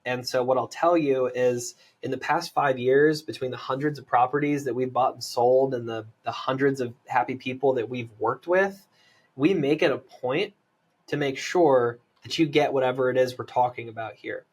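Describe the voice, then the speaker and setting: A man from the United States, a land investor and podcast guest, coaching on sales in an energetic, persuasive way and often checking in with "right?". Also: mid-range voice, normal speed, breathy edge. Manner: energetic, persuasive, lots of "right?" tag questions.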